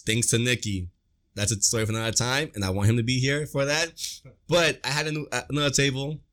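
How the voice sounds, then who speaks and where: Fast-talking young man telling stories. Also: medium pitch. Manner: animated storytelling with slang and cursing. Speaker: podcast co-host. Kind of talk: casual podcast chat.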